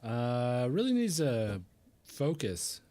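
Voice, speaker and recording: A man's voice: medium pitch, very animated, takes it slowly, warm tone, no room sound. Laid-back young man hosting, dry mic. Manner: laid-back, joking, laughs often. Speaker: podcast host. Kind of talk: casual podcast banter.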